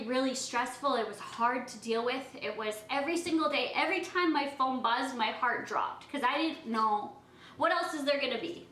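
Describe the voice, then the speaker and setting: A woman's voice: fairly high pitch, bright, forceful tone, roomy sound, low-quality recording. A young woman vlogger chatting casually while eating, talking in a defensive, emotional way. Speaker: beauty vlogger. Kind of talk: casual eating-show vlog talk.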